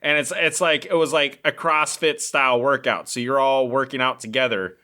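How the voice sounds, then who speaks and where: A man's voice: mid-range voice, fairly even intonation, moderate pace, sharp tone. A man co-hosting a casual podcast, telling a rambling story with lots of filler words. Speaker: podcast co-host. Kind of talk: casual chat.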